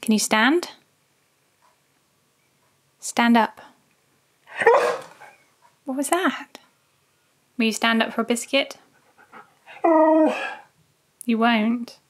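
A woman's voice: a little high, extremely slow, pauses often. A woman who makes dog videos, playfully coaxing her dog through tricks and laughing often. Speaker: dog owner and video maker. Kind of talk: talking to her dog during trick training.

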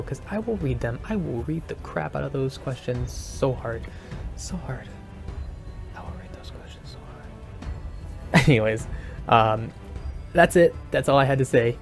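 A man giving a casual channel update as a gaming video maker, hesitant and repeating himself, calling his own voice monotone. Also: mid-range voice, vocal fry. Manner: hesitant, repeats words, says he sounds monotone. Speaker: gaming YouTuber.

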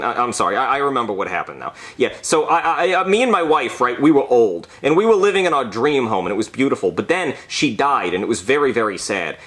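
A man's voice: fairly high pitch, bright, forceful tone. A man voicing a rambling puppet storyteller who keeps stammering apologies.

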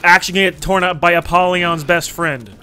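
A gaming video creator, recently woken up, casually commentates his gameplay with a high, steady, sharp voice at a brisk pace. He swears freely, laughs often and chats with his audience.

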